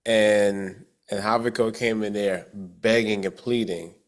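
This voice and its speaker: A man's voice: fairly low pitch, steady tone. A man casually analyzing a TV episode with many fillers and a firm hold on the floor. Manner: measured, filler-heavy analysis, holds the floor firmly. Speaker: podcast co-host. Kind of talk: casual chat.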